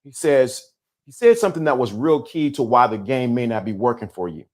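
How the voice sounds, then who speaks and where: A man's voice: medium pitch, lively intonation, fairly quick, a little mellow. A middle-aged man hosting a live-streamed talk, speaking with emphatic repetition and a preacher-like cadence. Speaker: host.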